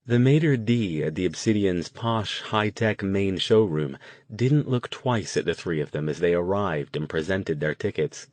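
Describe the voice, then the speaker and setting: A man narrating an audiobook in a steady, measured way. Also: deep voice, no room sound. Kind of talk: scripted narration.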